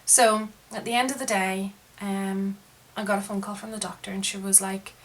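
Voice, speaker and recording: A woman's voice: mid-range voice, normal speed, poor audio. A woman vlogging a casual, frustrated rant, recounting events and acting out the back-and-forth in her own voice. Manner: frustrated, retelling events with lively quoted dialogue. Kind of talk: casual ranting monologue.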